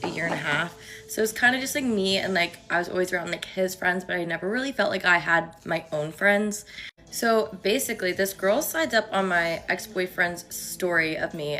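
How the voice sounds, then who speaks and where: A young woman with a slight lisp from her aligners, chatting through a storytime with quick asides. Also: lowish voice, sharp tone. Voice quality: lispy from wearing aligners. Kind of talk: casual storytime.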